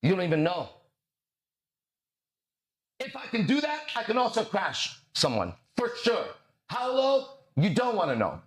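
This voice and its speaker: Swaggering, animated man talking to camera. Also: sits high. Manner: swaggering, profane, preachy, with dramatic pauses. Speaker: mindset coach and podcast host. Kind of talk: podcast monologue.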